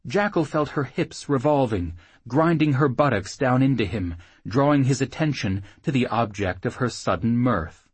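Male audiobook narrator, husky, lively intonation, dry close read. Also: medium pitch, moderate pace, no room sound. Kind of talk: scripted narration.

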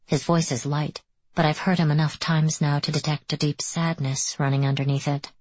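Low, husky woman narrating an audiobook. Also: steady tone, a little mellow, no echo. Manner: measured, descriptive storytelling. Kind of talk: first-person scripted audiobook narration. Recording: dull, dry studio recording.

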